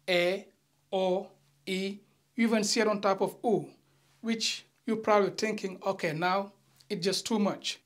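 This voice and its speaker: Teacher giving a careful online lesson. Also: mid-range voice. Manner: slow, careful reading of example sentences; addresses viewers directly, light teasing. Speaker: language teacher.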